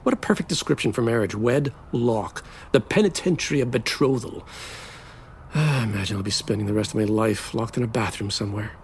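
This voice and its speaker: An actor playing a flamboyant, bitter groom on his wedding day, melodramatic and sardonic, swinging between slow drawls and sudden outbursts. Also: fairly low pitch, a little hiss or hum, natural voice. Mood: theatrical. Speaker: actor in a stage play. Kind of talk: theatrical stage acting.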